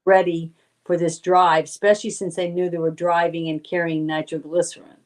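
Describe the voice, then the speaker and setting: A woman co-hosting a casual movie podcast, chatty and quick to laugh. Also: lowish voice, flat delivery. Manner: chatty, laughs easily, many fillers. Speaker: podcast co-host.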